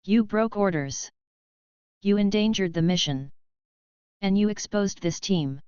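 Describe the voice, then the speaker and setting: A woman voicing a stern male vigilante leader who speaks flat and clipped. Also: medium pitch, a little slow, clear, resonant tone, dry recording, dull audio, lightly acted.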